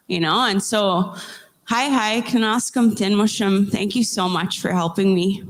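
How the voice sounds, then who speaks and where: Young woman podcast host, emotional, talks in halting restarts, earnest. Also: medium pitch. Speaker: podcast host interviewing survivors. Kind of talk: heartfelt personal storytelling and questions.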